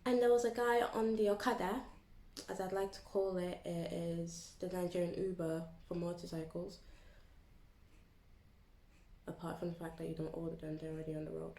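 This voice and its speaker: A young woman chatting casually to her vlog audience in an animated, storytelling way. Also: medium pitch. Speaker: YouTuber. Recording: echoey room.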